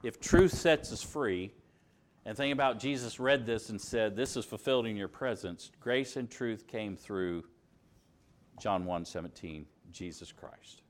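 A man with a Southern US accent preaching a sermon, stressing key words by rising, dropping and slowing down. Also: on the low side. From Alabama, US. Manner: emphatic, rises and drops for stress, slows on key words.

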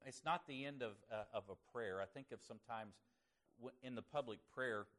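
A man giving an evening Bible lesson to a congregation. He speaks in a measured way and slows down to stress key words when he reads scripture. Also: mid-range voice, a bit bright. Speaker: preacher.

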